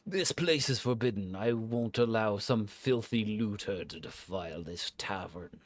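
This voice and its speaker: A man voicing a haughty, ancient male spirit cat who guards a tavern, reading game dialogue aloud with booming, imperious commands. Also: unhurried. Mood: commanding.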